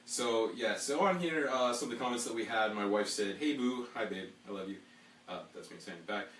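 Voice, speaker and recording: A man's voice: lowish voice, fairly bright tone. A man hosting a casual live-stream podcast, reading viewer comments and joking with his co-host. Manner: slides into a fast auctioneer patter as a joke. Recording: echoey room, mic at a distance, faint hum.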